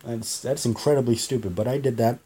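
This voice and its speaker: A man's voice: medium pitch, fairly quick, warm tone, slightly rough. A man hosting a podcast, telling a story in a rambling, repetitive way and swearing freely. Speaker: podcast host. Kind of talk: casual storytelling monologue.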